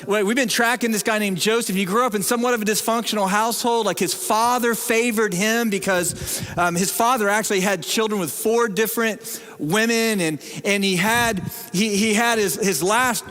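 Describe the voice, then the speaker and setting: A man's voice: sits high, moderate pace, a bit bright. A man preaching a sermon as pastor, telling stories with humor at his own expense. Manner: humorous, self-deprecating storytelling. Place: church sanctuary. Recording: long reverb in a church hall.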